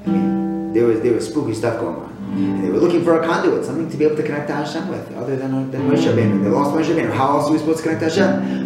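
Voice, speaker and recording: A man giving a weekly Torah talk, animated, asking rhetorical questions and often restarting his sentences. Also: mid-range voice, racing. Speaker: Torah speaker. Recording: very echoey room with loud guitar music.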